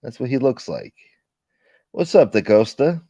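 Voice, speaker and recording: A man's voice: mid-range voice, sing-song, unhurried, dark tone, dry recording. Profane, rambling New man. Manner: profane, rambling, reads chat aloud, acts out quoted friends. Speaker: livestream host. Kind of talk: casual livestream chat reading viewer comments.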